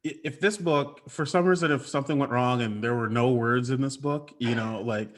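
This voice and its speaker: Excited guy rambling about his comic, lots of ums, video call audio. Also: mid-range voice, moderate pace. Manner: enthusiastic, rambling with many fillers. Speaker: comic book writer on a panel. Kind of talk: casual panel chat.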